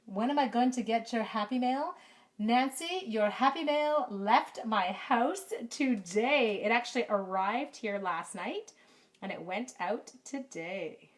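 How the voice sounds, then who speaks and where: Slow and fairly high-pitched with lively intonation, a middle-aged Canadian woman leads a live-streamed card-making lesson in her home craft room. The stamping demonstrator chats freely, makes fun of herself and speaks to viewers by name, recorded on a camera mic.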